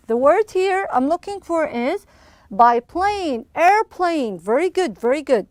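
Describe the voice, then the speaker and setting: A woman teaching English to young children in an online lesson, slow and encouraging, with frequent praise. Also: sits high, big pitch swings, no room sound.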